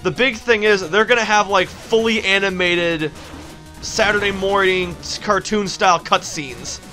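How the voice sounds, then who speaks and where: An excitable man chats through a let's play, often restarting his sentences. His voice is high and bright. Faint game music runs behind him. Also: a little slow. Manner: excitable, laughs often, self-interrupting. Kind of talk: casual gameplay commentary.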